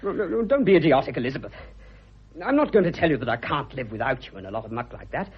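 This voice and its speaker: Brief: actor playing eager young suitor, husky, bluff and fervent, lively swinging pitch, dull old radio sound. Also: male voice, fast talker. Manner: bluff, fervent, stammering when moved. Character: eager young male suitor, blunt and boyish. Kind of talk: vintage radio drama acting.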